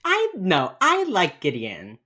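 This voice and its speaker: A woman's voice: on the low side, takes it slowly, slightly rough. A woman co-hosting a podcast, chatting casually and laughing as she recaps a TV episode. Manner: laughing, animated, acts out characters in quotes. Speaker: podcast co-host. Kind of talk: casual chat recapping a TV show.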